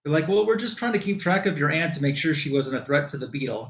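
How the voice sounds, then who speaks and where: A man's voice: fairly high pitch, fast talker, echoey room. A man casually retelling a comic book story as a show's reviewer, quoting the characters as he goes.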